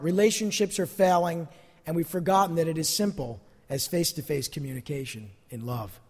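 A man's voice: high voice, long reverb tail. A man preaching a sermon as pastor, earnest and emphatic, repeating key phrases for weight.

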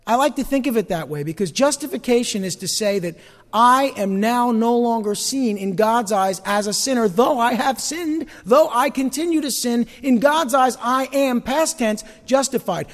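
Male pastor, high lively voice, church hall reverb, folksy preaching. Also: unhurried. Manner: animated preaching, folksy asides. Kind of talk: sermon.

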